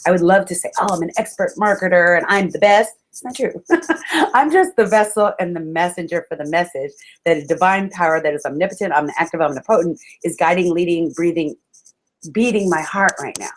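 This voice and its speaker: A woman speaking on stage as a motivational speaker, her voice sitting a little low for a woman. She drives her points home with passion and emphasis and slips in frequent laughs. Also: brisk, rough recording. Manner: passionate, emphatic, calls listeners "friends"; laughs often between lines. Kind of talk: live motivational talk to an audience.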